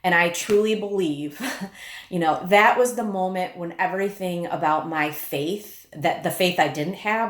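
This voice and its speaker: A woman with a fairly low voice shares a personal story straight to camera, candid and emotional, with swearing slipping in freely. Her voice rings in an echoey room. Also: unhurried, a bit bright. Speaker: widow telling her story.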